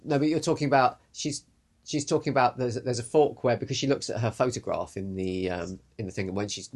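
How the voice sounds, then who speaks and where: A man co-hosting a podcast, chatting casually about a TV episode, animated, often restarting his sentences. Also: medium pitch, brisk. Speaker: podcast co-host. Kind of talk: casual chat about a TV show.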